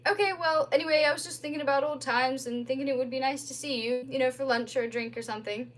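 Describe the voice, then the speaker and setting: Awkward young dad, read by a woman, hesitant and fumbling, rather high voice. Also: fairly even intonation, fast talker, a little hiss or hum, close to an everyday voice, poor audio. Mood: flustered. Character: awkward, self-pitying young father.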